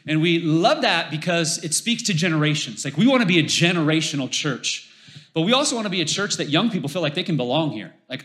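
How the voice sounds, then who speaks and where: A man's voice: a little high, animated, fast talker, a bit bright. A middle-aged man preaching a sermon as pastor, conversational and emphatic, repeating phrases for emphasis.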